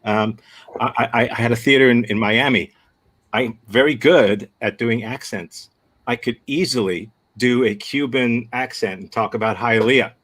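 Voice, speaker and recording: An American man teaching an improv workshop over a video call, answering a student's question in a thoughtful, frank way with many halting restarts. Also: mid-range voice, fairly bright tone. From United States.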